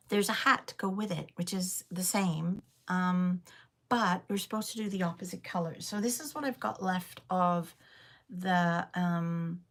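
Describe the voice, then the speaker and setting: A woman with a low, gravelly voice hosts a relaxed livestream from her home. She chats on in a loose, rambling way, full of ums, as she shows off her knitting. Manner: rambling and chatty, with many ums. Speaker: livestream host. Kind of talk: casual livestream chat while showing knitting. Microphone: phone.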